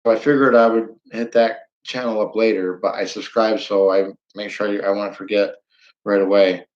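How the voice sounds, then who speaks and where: A man's voice: fairly low pitch, level tone, moderate pace. Rambling man on lo-fi stream audio. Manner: rambling, repeats words, reads comments aloud. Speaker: live stream host. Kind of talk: casual live-stream chat with viewers.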